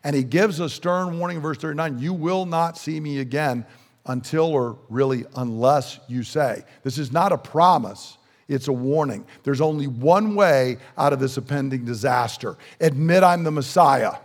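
A man's voice: mid-range voice, normal speed. A man preaching a sermon in an emphatic way, often putting questions to his listeners. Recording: long hall reverb.

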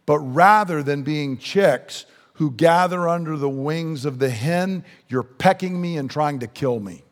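A man's voice: a little high, a little slow. Emphatic preacher man in a reverberant hall. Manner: emphatic, asks the listeners questions. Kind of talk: sermon.

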